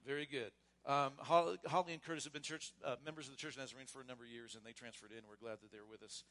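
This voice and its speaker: Pastor guy in a church, chatty and loose, then reads the vows slow and measured, mid-range voice. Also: mid-range voice, steady tone. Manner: casual and warm, with frequent restarts; reads liturgy aloud in a measured voice. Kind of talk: church membership service. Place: church sanctuary.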